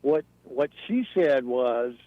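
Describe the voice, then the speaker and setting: A man's voice: mid-range voice, lively intonation, slow, no room sound. A man calling a radio show with a request, polite and a little rambling. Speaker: caller. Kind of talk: phone-in request. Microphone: phone. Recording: dry, dull phone line.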